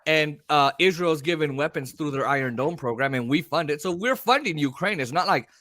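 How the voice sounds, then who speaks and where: A man hosting a talk show, ranting in a rambling, animated way and slipping into mocking voices. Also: a little high, brisk, a little hiss or hum. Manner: animated, rambling, mimics voices mid-rant. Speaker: podcast host. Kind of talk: opinionated casual talk show chat.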